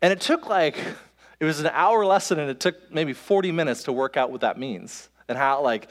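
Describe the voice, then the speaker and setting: A man preaching a sermon as pastor, in a conversational way, with quick asides and restarts. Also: on the high side, expressive. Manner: conversational, self-interrupting, with quick asides and laughs. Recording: long hall reverb.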